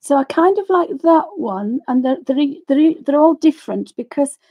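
Her voice sits high and sounds warm and animated, moving at a moderate pace, though the audio is dull. She's a middle-aged craft tutorial host who chats and rambles while showing how to colour, slipping into ranting asides and often apologising for the tangents.

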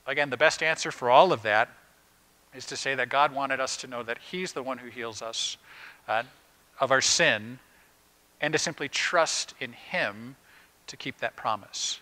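A man's voice: mid-range voice, moderate pace, pushed and bright, poor audio. A man preaching a conversational sermon as pastor, posing rhetorical questions to the congregation in plain everyday words with frequent "uh" fillers.

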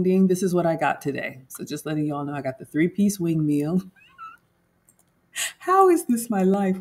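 A woman's voice: on the low side, dark tone, husky. A woman home cook vlogger in casual livestream chat, talking straight to her viewers and laughing often.

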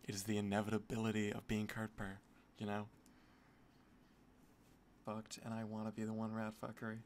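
A man's voice: on the low side, completely flat delivery, moderate pace, a little hiss or hum. A man streaming an online gambling session, swearing and muttering in exasperation at his losses. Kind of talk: casual gambling commentary.

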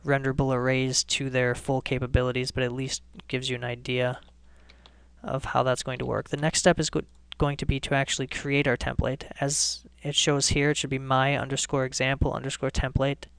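A man talks through a coding screencast, one step after another, his voice smooth and clear. He keeps an even, level tone and sometimes starts a sentence over. The sound is dry and close, like a desk mic. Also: medium pitch, brisk, dry recording. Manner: relaxed step-by-step explaining with restarts. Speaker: coding tutorial host. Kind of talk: screencast programming lesson.

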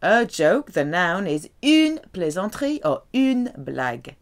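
A woman teaching French, carefully saying each example and explaining its meaning. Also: on the low side. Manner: slow, careful, lively delivery with drawn-out French examples. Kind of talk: language lesson.

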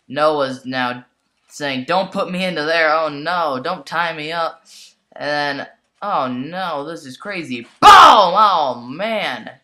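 Woman, mock wrestling commentator, excitable exclamations, unhurried delivery, bright tone. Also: low voice. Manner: excitable, keeps exclaiming and addressing the folks. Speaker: play-by-play commentator. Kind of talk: mock wrestling commentary over a toy match.

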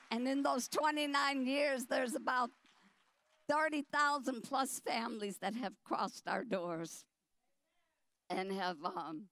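A middle-aged woman telling her story at a dinner, animated and emphatic, acting out the quotes. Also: high-pitched, takes it slowly, gravelly.

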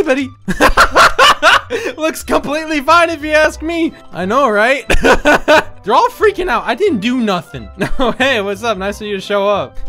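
A young man with a high, bright voice commentates on a game he is playing, cracking jokes and laughing as he goes. He stumbles over quick restarts now and then, and faint music plays under his talk. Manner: jokey, laughing often, quick stammering restarts. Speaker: gaming video host. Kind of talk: casual gameplay commentary.

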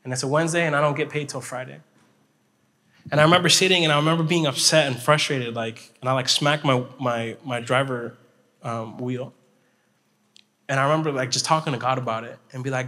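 A male pastor telling a story in a sermon, animated and checking in with his listeners as he goes. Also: mid-range voice, fairly quick. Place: chapel hall. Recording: long hall reverb.

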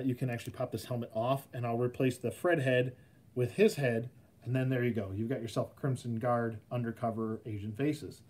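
A man of middle pitch chats casually on his live stream. He rambles easygoingly, padding his talk with lots of ums and uhs. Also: darkish tone. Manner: rambling, filler-heavy, easygoing. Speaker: host of a live custom action figure stream.

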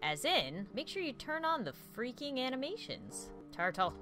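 A young adult woman hosting a let's play with excitable commentary, breaking into shrieks and laughter, on a desk mic at home. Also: high-pitched, normal speed, music in the background. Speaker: gaming video host.

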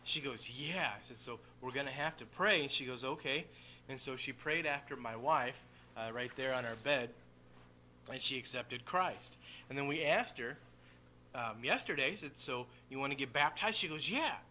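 A man sharing a gentle story about his young daughter during a church service. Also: medium pitch, moderate pace, slight background noise, poor audio. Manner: storytelling, gentle, quoting a child. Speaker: father baptizing his daughter. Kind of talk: church testimony and baptism. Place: church baptistry.

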